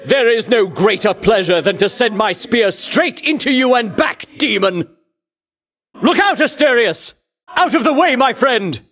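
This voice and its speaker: Grandiose game hero, vain champion, high and swooping, unhurried declamation. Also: male voice, lively intonation, a bit bright, exaggerated voice. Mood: alarmed. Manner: grandiose, theatrical taunting. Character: pompous boastful male hero champion. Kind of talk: video game voice acting.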